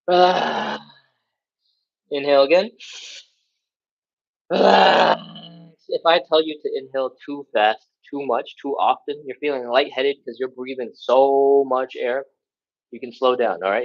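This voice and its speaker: Male fitness instructor, slightly high voice, energetic live class cues, audible effort breaths, lo-fi stream audio. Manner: energetic, coaching cues and counting aloud; breathing hard, sighs and grunts while stretching along.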